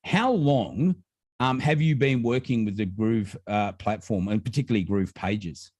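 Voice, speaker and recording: A man hosting a livestream prize announcement over a video call, animated and repeating his points for emphasis. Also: fairly low pitch, measured pace, no room sound, studio quality. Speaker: host. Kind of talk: live stream prize announcement.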